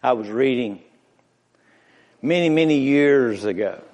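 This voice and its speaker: A man preaching a sermon to a congregation in a church, impassioned, swinging from loud emphatic rises to hushed near-whispers. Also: medium pitch, expressive, a little slow. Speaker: pastor. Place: church sanctuary before a congregation. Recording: long reverb of a large hall.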